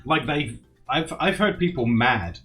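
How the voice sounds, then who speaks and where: A man's voice: mid-range voice, expressive, measured pace, bright, forceful tone, faint music behind. A man chatting casually on a live stream, giggly and playful. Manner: giggly, playful, bouncing between voices.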